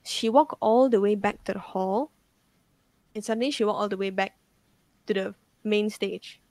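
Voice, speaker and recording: A young woman casually tells a ghost story, rambling along with lots of "like" and some swearing. Her medium-pitched voice has a darkish tone and a moderate pace, with no room sound.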